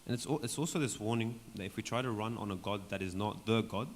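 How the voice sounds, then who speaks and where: A man leading a Bible study for a group in a church hall, talking conversationally and often checking in with "right?", his voice going hoarse. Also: fairly low pitch, fast. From Australia. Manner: conversational, keeps asking "right?". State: voice going hoarse, clearing throat. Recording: long hall reverb, faint background noise.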